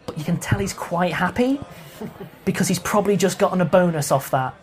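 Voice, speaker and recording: A man narrating as game master of a tabletop game, relaxed and rambling with many fillers. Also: high voice, a little fast.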